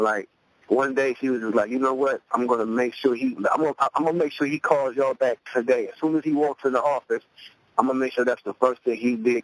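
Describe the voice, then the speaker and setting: A middle-aged man from Cleveland, a rapper guest, telling a story casually, often repeating words as he restarts, and lifting his pitch to act out quoted voices. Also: no echo, low-quality recording. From Cleveland, USA. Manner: loose, repeats words while restarting sentences.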